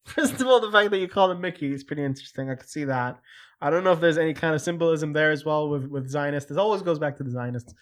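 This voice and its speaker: A man hosting a casual solo commentary, animated and jokey, getting louder when he mimics other people. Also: fairly high pitch, quick pace. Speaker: host.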